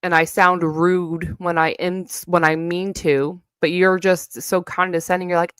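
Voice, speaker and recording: A young woman with a New York accent talks in an unhurried, rambling way, cursing freely and going off on tangents. Her voice sits at an ordinary middle pitch and is recorded close and dry, with almost no room sound. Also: flat delivery, fairly bright tone, clear, resonant tone, dry recording. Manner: profane, blunt, rambling with sung asides. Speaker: live streamer. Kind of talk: casual livestream rant.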